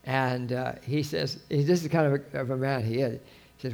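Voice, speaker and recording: Gravelly-voiced man preaching. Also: medium pitch, steady tone, normal speed, darkish tone. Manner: conversational preaching with anecdotes and restarts. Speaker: pastor. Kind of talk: sermon.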